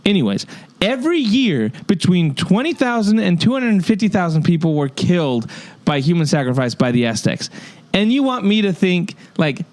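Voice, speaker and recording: A man's voice: high-pitched, big pitch swings, moderate pace, a little mellow. A man from Mexico co-hosting a podcast, talking bluntly and ranting in casual chat on a close mic. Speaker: podcast co-host.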